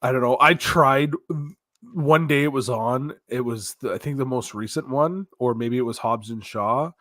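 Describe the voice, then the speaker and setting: A man's voice: medium pitch, moderate pace, fairly bright tone, no room sound. A man co-hosting a podcast in casual chat, easygoing and agreeable. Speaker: podcast co-host.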